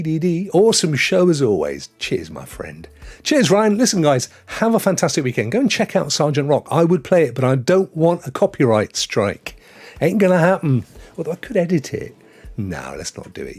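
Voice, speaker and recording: A man's voice: fairly high pitch, a little mellow, slightly rough. A man hosting a live gaming stream, chatting and joking with viewers in a rambling way. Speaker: gaming show host.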